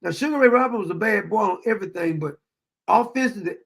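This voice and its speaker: A man's voice: sits high, quick pace, creaky. A man hosting a casual commentary show, talking emphatically, repeating his points and retelling scenes with quoted lines. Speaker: host.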